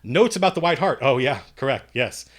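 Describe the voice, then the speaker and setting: A man's voice: medium pitch, animated, fairly quick. Rambling man answering chat live. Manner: rambling, reads chat questions aloud and answers offhand; self-deprecating, jokey. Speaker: streamer and game master answering chat questions.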